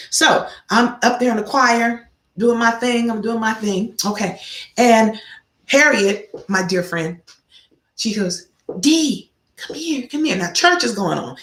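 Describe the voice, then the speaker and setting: A woman's voice: medium pitch, creaky, fairly bright tone. A middle-aged woman giving casual motivational advice to her viewers, telling stories and repeating key phrases like a preacher. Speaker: vlog host giving life advice. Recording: roomy echo.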